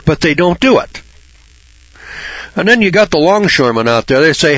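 A man's voice: a little high, sing-song, normal speed, a bit bright, dry recording. A man giving informal Bible commentary in a blunt, folksy way, swearing freely and mocking churchgoers with sarcastic asides. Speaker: Bible teacher. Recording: dull lo-fi recording.

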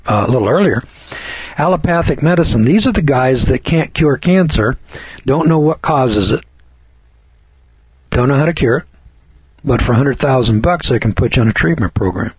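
A man's voice: medium pitch, animated, normal speed, long pauses, husky, dry recording. An older man hosting a radio show, giving folksy, preachy commentary and stretching key words for emphasis. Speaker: radio host. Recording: dull lo-fi radio sound.

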